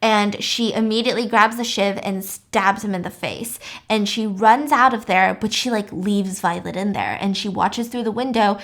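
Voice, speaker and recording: A woman podcast host retelling a story in a casual, animated and wry way. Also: mid-range voice, normal speed, few pauses.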